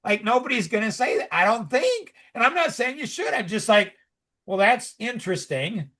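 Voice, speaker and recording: A middle-aged man talking casually on a podcast, rambling with lots of "like" and "you know" and animated asides. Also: extremely high pitch, fairly quick. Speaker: podcast co-host. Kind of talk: casual conversational podcast talk.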